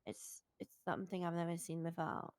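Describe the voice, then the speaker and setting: A woman with a rough morning voice, playing a doctor in roleplay and talking in halting, apologetic bursts with many restarts. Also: fairly low pitch, flat delivery, darkish tone, no room sound. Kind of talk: in-character roleplay chat.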